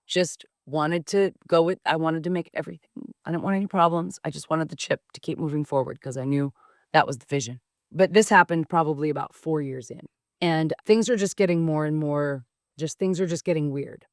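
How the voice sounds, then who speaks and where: A woman's voice: low voice, no room sound, clean studio sound. A woman hosting a podcast, telling a candid personal story in a frank, emotional way, swearing freely and acting out her past thoughts. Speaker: podcast host.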